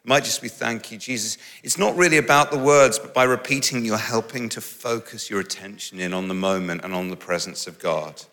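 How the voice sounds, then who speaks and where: A middle-aged man preaching in a large hall, his bright, forceful voice ringing out with a long reverb. He talks in a lively, conversational way and slips in humorous asides between his points. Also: fairly low pitch, a little fast, hardly any pauses. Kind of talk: sermon.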